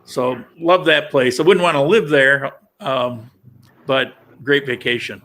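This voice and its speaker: Bright-voiced man chatting casually. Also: mid-range voice. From upstate New York. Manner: halting, many restarts and fillers. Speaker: livestream host. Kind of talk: casual livestream chat.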